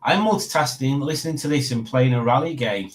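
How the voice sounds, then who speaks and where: A man's voice: mid-range voice, brisk, rough recording. A man talks casually on a live stream. He reads viewer comments aloud and chuckles often between remarks. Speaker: livestream host.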